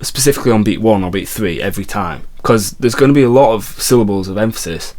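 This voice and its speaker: Low-voiced man teaching songwriting. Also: fast talker. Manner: relaxed explanatory, counts beats aloud. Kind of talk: online music lesson.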